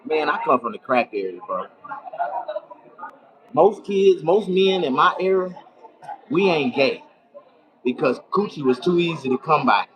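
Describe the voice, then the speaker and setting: A man's voice: a little high, animated, unhurried, long pauses, lo-fi sound. A middle-aged man ranting crudely to his viewers in casual, boisterous storytelling. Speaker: streamer.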